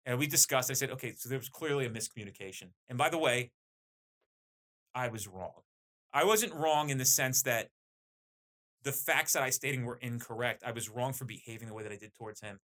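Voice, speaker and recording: A man's voice: mid-range voice, brisk. A man who runs police training, talking in a casual, enthusiastic podcast conversation. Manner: animated, enthusiastic storyteller. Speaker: police training company owner.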